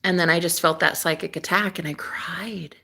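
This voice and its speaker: A woman chatting casually on a live stream, dramatic and gushing, swinging from loud exclamations to hushed asides. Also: lowish voice, steady tone, normal speed, creaky.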